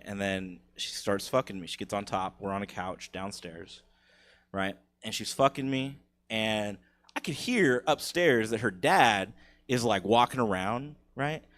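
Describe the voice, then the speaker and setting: Bright-voiced young man telling crude stories. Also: medium pitch. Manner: animated, crude, laughs at his own jokes. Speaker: comedian telling a story. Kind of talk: profane stand-up storytelling. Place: live comedy theater stage.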